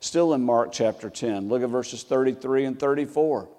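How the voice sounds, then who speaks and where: A man's voice: moderate pace, hardly any pauses. Earnest preaching man in a reverberant church. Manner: earnest preaching, rising for scripture, dropping low and soft. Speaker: pastor. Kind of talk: sermon. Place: church sanctuary.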